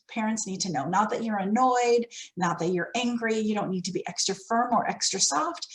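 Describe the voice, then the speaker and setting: A woman's voice: mid-range voice, low-quality recording. A woman training early childhood teachers, giving practical advice in a conversational way. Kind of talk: professional development talk.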